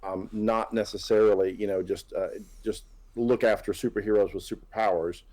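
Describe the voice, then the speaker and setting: A man with a fairly low voice talks as an interview guest. He sounds enthusiastic and tags his points with quick questions to the hosts. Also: steady tone, mellow, poor audio. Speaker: comic creator guest. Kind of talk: casual interview chat.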